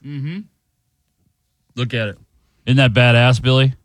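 A man's voice: mid-range voice, steady tone, unhurried, dry recording, clean studio sound. A man co-hosting a radio show in casual banter, mocking his colleagues and talking with many fillers. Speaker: radio co-host.

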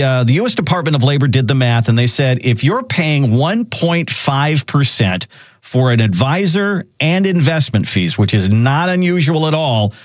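Lively-voiced male radio show host. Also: mid-range voice, no room sound, studio quality. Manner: conversational, lively delivery. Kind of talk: radio talk show hosting.

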